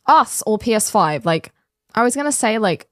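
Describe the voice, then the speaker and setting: A woman's voice: fairly high pitch, sing-song, normal speed, a bit bright, dry recording, clean studio sound. A woman hosting a reaction commentary, blunt and sarcastic. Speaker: commentary host.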